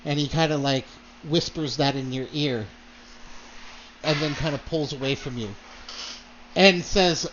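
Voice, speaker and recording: A high-voiced man narrating as game master, slow and hesitant, with lots of fillers between his words. The sound is dull and lo-fi, with faint noise behind him. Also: fairly bright tone. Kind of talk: narrating a tabletop role-play.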